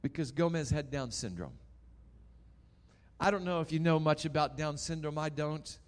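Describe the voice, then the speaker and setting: A man preaching a sermon, telling a story dramatically and swinging between loud and hushed. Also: fairly high pitch, moderate pace.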